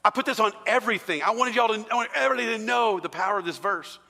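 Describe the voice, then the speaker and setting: A male preacher gives a casual, conversational sermon. His voice sits a little high and rings bright. The sound carries the long reverb of a large church hall. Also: rapid-fire, gravelly. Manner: conversational, engages the congregation with questions.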